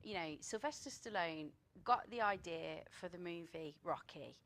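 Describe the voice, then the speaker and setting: A woman hosting a casual chat, telling an inspiring story in a lively storytelling manner. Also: fairly low pitch, normal speed. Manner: storytelling, animated when excited.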